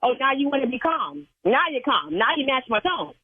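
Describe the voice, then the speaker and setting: A woman's voice: high-pitched, very animated, brisk, slightly rough, no room sound. An older woman who serves as a church sign language interpreter, talking on a phone call in a stern, proper, scolding way. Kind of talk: phone call with a prank caller. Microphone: telephone. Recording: tinny phone line.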